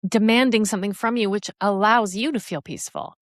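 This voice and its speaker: A woman in her fifties hosting a podcast, telling stories in an animated, emphatic way. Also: mid-range voice, a little fast, no echo, studio quality. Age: 50s. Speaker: podcast host. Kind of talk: casual chat, storytelling.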